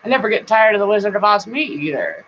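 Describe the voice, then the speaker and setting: A middle-aged woman hosting a casual live-stream chat, rambling warmly, laughing often and now and then breaking into song. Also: mid-range voice, big pitch swings, fast talker. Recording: dull lo-fi sound with faint noise.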